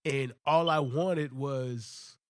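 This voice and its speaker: A young adult man hosting a podcast, telling a childhood story in slangy, animated casual talk. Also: medium pitch, very slow, dry recording, clean studio sound. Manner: animated storyteller, slangy, says "bro" often. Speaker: podcast host.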